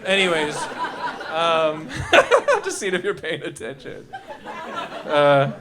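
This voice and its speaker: Speaking slowly with huge pitch swings, this man's voice sits on the high side, with crowd noise around him. He's doing crude, loose stand-up at a comedy club, bantering with the live audience and letting out yelping sound effects.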